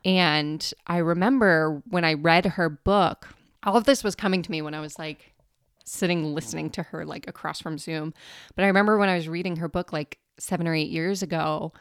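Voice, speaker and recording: A woman's voice: on the low side, steady tone, normal speed, clear, resonant tone, no room sound, clean studio sound. A woman co-hosting a podcast as an energy healer, telling stories in casual chat with lots of filler words. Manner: chatty, filler-heavy storytelling.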